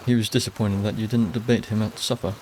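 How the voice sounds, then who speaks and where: A man voicing a nobleman's male servant in a game, speaking in a measured, courteous, formal way. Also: on the low side, little pitch movement, darkish tone, slight background noise, natural voice.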